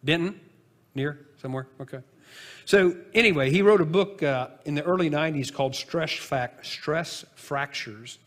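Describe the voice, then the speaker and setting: Folksy pastor preaching in an echoey church. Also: male voice, on the high side, normal speed, fairly bright tone. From northern United States. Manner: conversational, folksy, with asides and restarts. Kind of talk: sermon.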